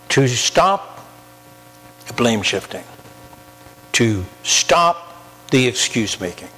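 A man preaching a sermon, emphatic, with slow drawn-out pauses and repeated key phrases. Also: mid-range voice, a bit bright. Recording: long hall reverb with faint mains hum.

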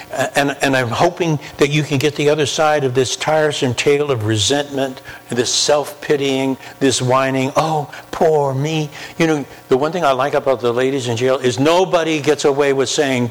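A man preaching a sermon, emphatic, with slow drawn-out pauses and repeated key phrases. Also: medium pitch. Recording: long hall reverb with faint mains hum.

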